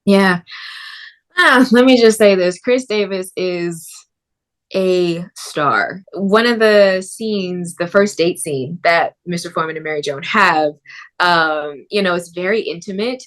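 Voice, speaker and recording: Actress, woman, low-ish voice, animated conversational interview guest. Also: slow pace. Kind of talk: casual interview.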